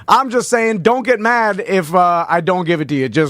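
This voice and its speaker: A man's voice: high-pitched, lively intonation, moderate pace, fairly bright tone, no room sound. A man co-hosting a podcast, talking bluntly and emphatically in casual chat. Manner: blunt, emphatic, many fillers. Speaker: podcast co-host.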